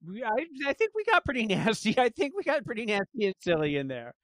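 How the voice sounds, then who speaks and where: A man's voice: sits high, huge pitch swings, quick pace, fairly bright tone, no echo, clean studio sound. A man hosting a casual chat, teasing his guest and laughing often. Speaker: host.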